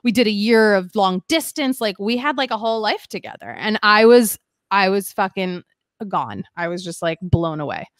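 A woman's voice: medium pitch, lively intonation, moderate pace, no echo. A young woman, a podcast guest, telling her story in a rambling, candid way, full of "like" and restarts. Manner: rambling, heavy use of "like", frequent restarts.

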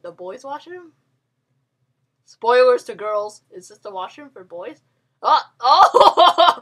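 A young woman giving playful let's-play commentary, giggling often and bossing other players around. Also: fairly high pitch. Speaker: gamer.

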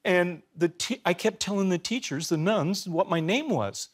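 A man's voice: high-pitched, normal speed, husky. An older man, a talk show guest, telling self-deprecating stories in casual chat and chuckling as he goes. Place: TV studio.

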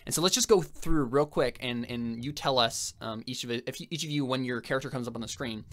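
Halting young man narrating a tabletop game. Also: mid-range voice, a bit bright. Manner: halting, filler-heavy storytelling. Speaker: game master.

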